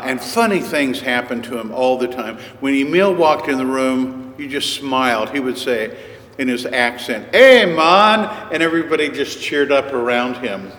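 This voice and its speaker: Preacher telling stories in an echoey hall. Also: male voice, mid-range voice, fairly bright tone. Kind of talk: sermon storytelling. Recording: echoey hall with long reverb.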